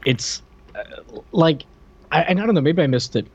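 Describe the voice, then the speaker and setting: A man's voice: a little high, very animated, normal speed, husky, dull audio. A man co-hosting a podcast in casual chat, hesitant, with many fillers and restarts. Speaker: podcast co-host.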